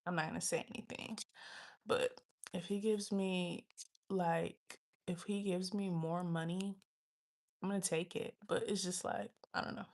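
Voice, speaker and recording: A woman's voice: on the low side, fairly even intonation. Rambling young woman telling a story. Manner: rambling, slangy, reenacts others' lines with quick asides; drops into whispers when swearing. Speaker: livestream host. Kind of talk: casual storytelling to viewers.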